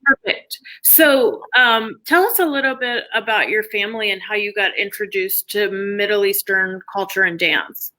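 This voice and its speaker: Woman host, bright forceful tone, upbeat, on a video call. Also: mid-range voice, moderate pace, hardly any pauses, poor audio. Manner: upbeat, enthusiastic, many fillers. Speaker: host, belly dance teacher. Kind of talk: casual video-call interview.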